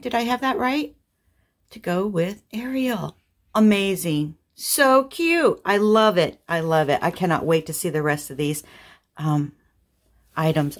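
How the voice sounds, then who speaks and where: A woman crafting vlogger chatting casually through an unboxing, gushing with excited exclamations. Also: mid-range voice.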